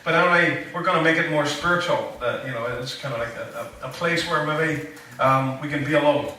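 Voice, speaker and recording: A preacher man with a bright, ringing voice gives a loose, joke-filled sermon full of ums and asides. He sounds a little off the mic, and his voice bounces around a very echoey church hall. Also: fairly high pitch, fairly quick, slight background noise. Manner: rambling, joking asides, many fillers. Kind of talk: casual sermon. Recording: echoey room, voice from a distance.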